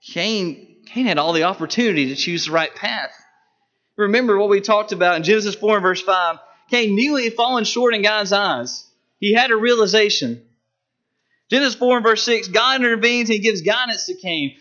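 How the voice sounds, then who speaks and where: A man preaching a sermon, emphatic, with sharp rises and drops in his voice for stress. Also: high-pitched, lively intonation, normal speed. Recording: dull lo-fi recording.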